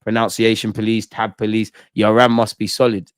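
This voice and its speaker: Blunt slangy fan host. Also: male voice, lowish voice, completely flat delivery, moderate pace, clean tone, no room sound, studio quality. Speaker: football channel host. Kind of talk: casual fan commentary.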